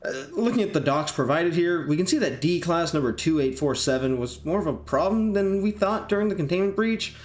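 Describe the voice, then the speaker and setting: A man voicing brusque man, businesslike, raised pitch. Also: animated, fairly quick, few pauses, natural voice. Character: impatient male Veil Walker, brusque.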